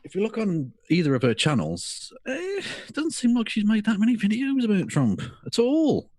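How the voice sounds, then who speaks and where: A man's voice: high-pitched, huge pitch swings, normal speed, a little mellow, no echo. A man co-hosting a casual podcast chat, sarcastic and mocking, swearing freely. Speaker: podcast co-host.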